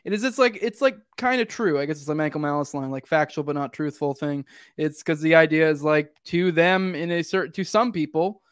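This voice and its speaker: Podcast host, male, slightly high voice, rambling filler-heavy delivery, dry sound. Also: a little fast, clean tone, dry recording. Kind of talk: casual podcast conversation.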